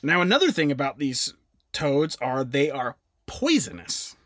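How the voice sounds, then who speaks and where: A man's voice: fairly high pitch, very animated, measured pace, fairly bright tone, dry recording, clean studio sound. A young adult man co-hosting a podcast in casual chat, presenting facts with jokey asides. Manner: chatty, jokey, with self-aware asides. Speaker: podcast co-host.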